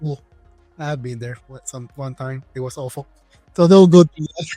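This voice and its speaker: A man's voice: mid-range voice, normal speed, mellow, dry recording, soft background music. A man hosting an interview, chatting casually and joking, laughing at his own stories. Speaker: interview host.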